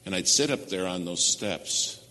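An older man preaching in a church, his low voice carrying a bright, forceful edge. He swings from loud emphasis down to hushed, almost whispered lines. The sound rings with a long hall reverb. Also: animated, a little slow. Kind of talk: sermon with storytelling.

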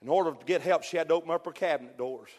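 A middle-aged man preaching a fervent revival sermon, swinging from loud peaks to hushed storytelling. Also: fairly high pitch, very fast. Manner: fervent, builds to shouted peaks then drops to hushed storytelling. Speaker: pastor. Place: church sanctuary. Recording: long hall reverb.

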